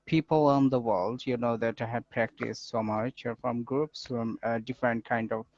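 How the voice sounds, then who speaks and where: A man chatting casually in conversation practice, halting and searching for words. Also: medium pitch, fairly even intonation, a little mellow, no room sound, lo-fi sound. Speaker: conversation partner asking questions.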